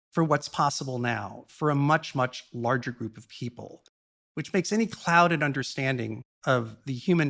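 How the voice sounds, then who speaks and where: A man with a gravelly, creaky edge to his voice talks through a long explanation as a podcast guest. His delivery is measured and earnest, at an ordinary pitch for a man. Every so often he drops in a blunt, frank aside. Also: a bit bright. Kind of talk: explanatory monologue in conversation.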